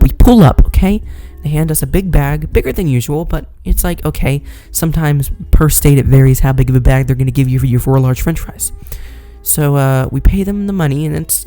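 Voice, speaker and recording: A young man telling a rambling, animated story in a casual vlog. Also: on the high side. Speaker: vlogger.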